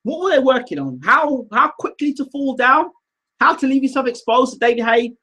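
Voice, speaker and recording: High, bright-voiced man hosting. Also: normal speed, slightly rough. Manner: animated, teasing, rambling. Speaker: live show host reading viewer comments. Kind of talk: casual livestream chat.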